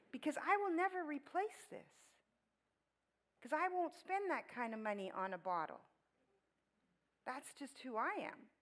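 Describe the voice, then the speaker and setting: In a low-quality recording, a high-pitched middle-aged woman speaks as a church guest. She recounts a personal story in a lively way, full of laughter and acted-out quotes.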